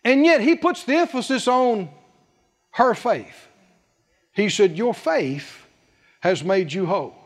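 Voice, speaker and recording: A very high-pitched male preacher delivers a sermon with wide swings in pitch, speaking emphatically, asking rhetorical questions and repeating scripture phrases. He's animated yet slow, pausing often. A long reverb makes him sound like he's in a large hall.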